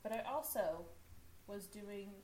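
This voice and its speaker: A woman's voice: medium pitch, slow, a little mellow, slight background noise, poor audio. A woman co-hosting a podcast in casual chat, enthusiastic and laughing into her sentences.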